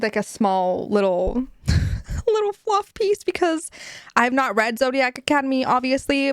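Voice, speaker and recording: A woman's voice: a little high, no room sound, studio quality. A woman streamer chatting casually with her viewers, giggly and playful, with casual swearing.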